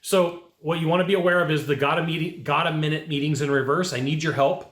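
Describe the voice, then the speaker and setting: A man's voice: on the high side, steady tone, fast, fairly bright tone, roomy sound. A man hosting a career advice channel, talking directly and repetitively with emphatic rhetorical asides. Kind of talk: casual advice monologue.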